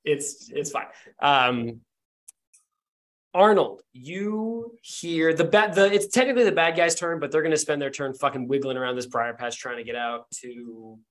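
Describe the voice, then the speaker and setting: A man's voice: fairly high pitch, normal speed, a bit bright. Rambling man running a tabletop game. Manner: casual, rambling, many fillers. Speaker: game master.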